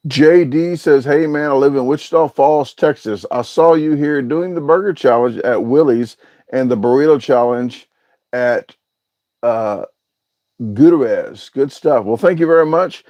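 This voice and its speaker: A man's voice: mid-range voice, measured pace, warm tone, no echo, highs cut off. A man hosting a casual livestream, reading out viewer comments and answering them in a rambling, hesitant way with lots of filler sounds. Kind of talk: casual live-stream chat.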